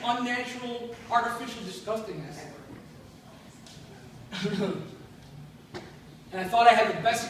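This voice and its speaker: A man from Buffalo, New York, with a Western New York accent, doing a stand-up comedy set full of blunt, self-deprecating, crude jokes. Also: high-pitched. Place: comedy club stage. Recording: very echoey room from far off, faint noise.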